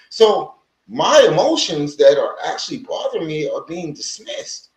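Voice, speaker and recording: Animated man livestreaming in an echoey room. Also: on the high side, normal speed. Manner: rambling, conversational, with many restarts; greets viewers from the chat. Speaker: livestream host on healing from narcissistic abuse. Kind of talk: casual livestream talk. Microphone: livestream microphone.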